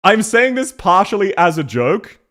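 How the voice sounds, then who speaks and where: Lively laughing Australian guy streaming. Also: high voice, moderate pace. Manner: laughs often, swears, mocks and imitates voices. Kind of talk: casual reaction commentary.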